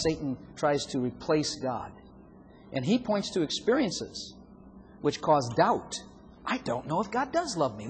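A man preaching a sermon who acts out inner voices and chuckles often. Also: on the high side. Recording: long hall reverb, faint room noise.

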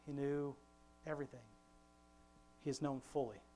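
A father leads a casual family devotion in a mid-range, dark-toned voice with fairly even intonation. His talk rambles and restarts often, but he slows down to quote scripture with emphasis.

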